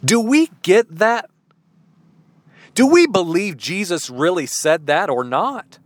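A man preaching a sermon, telling a story slowly and dramatically and acting out the dialogue. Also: high-pitched, expressive, dry recording.

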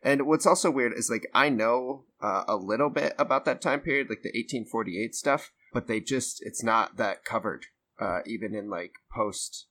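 A man's voice: mid-range voice, normal speed, hardly any pauses, fairly bright tone. A young man on a podcast who reads a history text aloud and breaks off into loose, rambling chat full of fillers. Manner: reads steadily, then rambles with fillers and swearing. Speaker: podcast co-host reading aloud.

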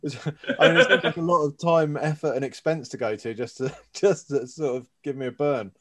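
A man's voice: a little high, fairly quick. A man co-hosting a podcast, trading dry, joking banter in casual chat. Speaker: podcast co-host.

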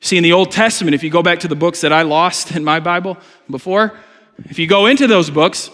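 A male pastor giving a conversational sermon in a church, swinging between loud emphasis and soft asides, with jokes along the way. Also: a little high, fairly quick. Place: church sanctuary. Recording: long hall reverb.

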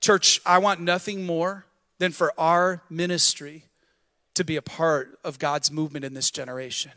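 A man's voice: a little high, flat delivery, moderate pace, sharp tone. A man preaching a sermon as pastor, prompting the congregation to repeat words back to him. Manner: preaching with call-and-response prompts. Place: church sanctuary. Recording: long hall reverb.

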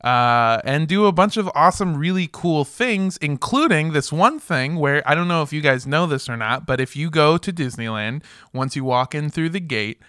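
A man's voice: on the high side, expressive, moderate pace, hardly any pauses, a bit bright, smooth, no echo. A man in his twenties co-hosting a comedy podcast, casual and joking, laughing often as he chats in a recording studio. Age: 20s. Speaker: podcast co-host. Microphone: studio microphone.

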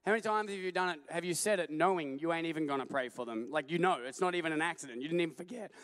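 A man preaching a sermon as a pastor, telling stories animatedly and at times rising to a shout. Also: fairly high pitch, very fast, in a large hall.

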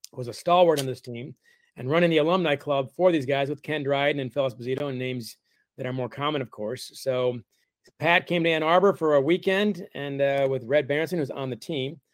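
Middle aged author guy telling stories, wry and animated, slightly high voice, dry sound. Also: dry recording. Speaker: guest author. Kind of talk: casual interview chat.

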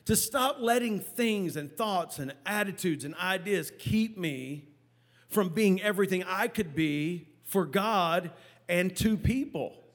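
A male preacher delivering a sermon in a fairly high voice, spinning a personal story with lively energy. He stumbles and repeats words as he goes, then surges forward again. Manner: animated storytelling with halting repetitions. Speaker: pastor.

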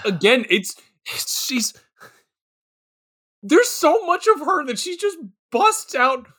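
A man co-hosting a podcast, chatting casually about a movie, animated and laughing often with plenty of swearing. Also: extremely high pitch. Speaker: podcast co-host. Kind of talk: casual movie-review chat.

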